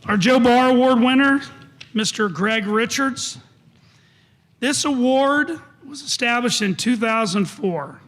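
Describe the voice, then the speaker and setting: Guy with a high voice reading out an award intro, formal announcer style. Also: fairly bright tone. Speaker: awards presenter.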